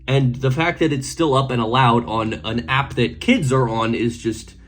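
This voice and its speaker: A man's voice: medium pitch, steady tone, normal speed, fairly bright tone. A man hosting a commentary video, speaking in a blunt, indignant and sarcastic way. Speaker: host.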